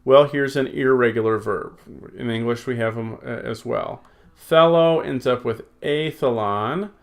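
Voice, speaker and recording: A man's voice: mid-range voice, measured pace, vocal fry. A man teaching a recorded language lesson at his computer, explaining step by step in a patient, methodical way with frequent fillers. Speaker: Greek teacher.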